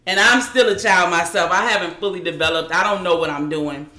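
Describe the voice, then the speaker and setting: Bright-voiced woman in an echoey room. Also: lowish voice. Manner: halting, with frequent restarts. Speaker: interview guest. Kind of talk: recounting a personal story.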